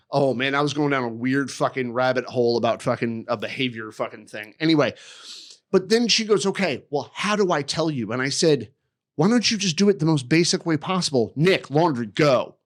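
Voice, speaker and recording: A man talking on a podcast, his voice sitting a bit high for a man. He swears constantly and rants with animated energy. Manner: heavy swearing, animated ranting. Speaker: podcast guest. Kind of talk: casual chat.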